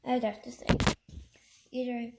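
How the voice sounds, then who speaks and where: A woman reading a book aloud in a halting way, stumbling, restarting and breaking off to chat. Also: on the high side, flat delivery, vocal fry, very noisy. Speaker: reader.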